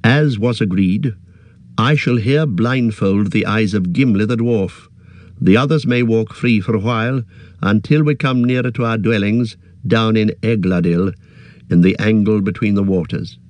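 A man's voice: on the low side, darkish tone, no room sound, close to an everyday voice. Man voicing a stern, formal elf leader. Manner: formal, measured. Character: stern noble male elf guard leader.

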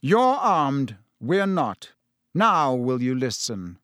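Calm weary teacher voiced by a man, measured, patient, lively lilt, unhurried. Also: medium pitch, no echo, clean studio sound. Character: calm, weary male teacher, middle-aged.

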